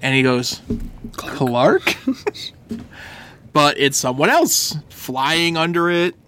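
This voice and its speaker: A man's voice: on the high side, big pitch swings, slow pace, bright, forceful tone, a little hiss or hum. A man co-hosting a casual comic-book podcast, cracking dry jokes and laughing often. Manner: wry jokes, frequent laughter. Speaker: podcast co-host.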